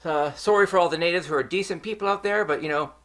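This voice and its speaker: A man's voice: sits high, quick pace, fairly bright tone. Profane ranting Canadian man. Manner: profane, heated ranting with frequent swearing. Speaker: vlogger. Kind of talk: angry personal storytelling.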